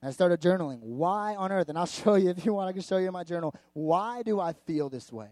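A man's voice: high-pitched, fairly quick, no echo. A man who is a pastor, giving a sermon in a candid, chatty storytelling manner, full of asides and "like". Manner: animated, candid, chatty with frequent "like". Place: church service before a live audience.

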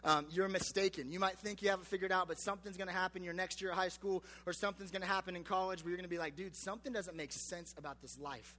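A man's voice: high-pitched, little pitch movement, very fast, hardly any pauses, bright, forceful tone, long reverb tail. A man in his twenties giving a casual youth sermon, chatty and self-deprecating with lots of fillers. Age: 20s. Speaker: youth pastor.

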